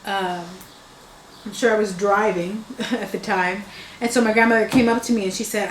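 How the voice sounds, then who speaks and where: A woman's voice: medium pitch, fairly even intonation, normal speed, reverberant, a little hiss or hum. A woman casually telling a family story, meandering and restarting her sentences, with an amused tone. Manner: meandering, self-interrupting, amused.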